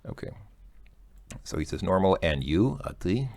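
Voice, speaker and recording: A man's voice: deep voice, very animated, normal speed, creaky, darkish tone, no echo. A man casually explaining a language lesson, chatty and joking, thinking aloud as he goes. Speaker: language teacher.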